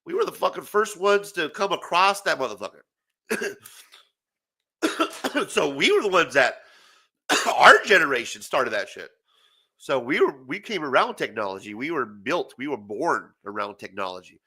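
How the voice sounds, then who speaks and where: A man's voice: on the high side, normal speed, long pauses, breathy edge. A man in his forties hosting a comics talk show, ranting casually with lots of swearing and laughter. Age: 40s. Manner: profane, animated, laughs often. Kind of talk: casual late-night rant.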